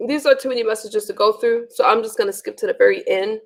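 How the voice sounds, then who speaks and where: Casting: woman livestream host, gravelly fry, blunt and profane, rants with restarts. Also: fairly high pitch, fast talker. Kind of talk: casual livestream rant.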